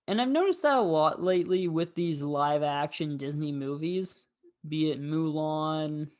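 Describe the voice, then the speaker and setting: A man gives his thoughts on a film in a loose, unscripted monologue. He has a somewhat high voice, rambles, and uses fillers freely as he talks. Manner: rambling, candid, with frequent fillers. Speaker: film review host. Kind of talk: casual film review monologue.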